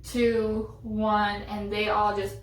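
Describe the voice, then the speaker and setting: A woman's voice: medium pitch, level tone, slow pace. A young woman telling a story in casual chat, chatty and exasperated, with lots of "like". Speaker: vlogger. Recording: roomy echo, voice from a distance.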